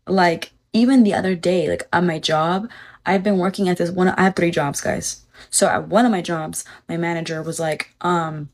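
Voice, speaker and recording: A woman's voice: on the low side, fairly even intonation, moderate pace. A young woman chatting casually on a phone livestream, rambling on tangents, swearing freely and reading viewer comments aloud.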